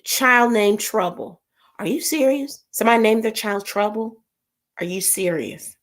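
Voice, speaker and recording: A woman's voice: mid-range voice, unhurried. A woman, hosting a casual livestream and reading viewer comments aloud, laughing often and puzzling over unusual names.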